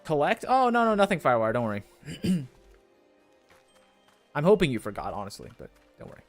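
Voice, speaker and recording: A man's voice: fairly high pitch, very animated, fairly quick, faint music behind. A man chatting casually to his viewers while playing a game live. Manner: chatty, rambling, talks to chat. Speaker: streamer. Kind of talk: casual live gameplay chat.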